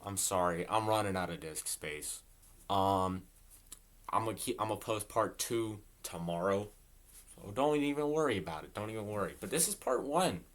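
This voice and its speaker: In his bedroom, a young storytelling vlogger with a lowish voice tells a loose, rambling story packed with profanity and endless "like" and "bro."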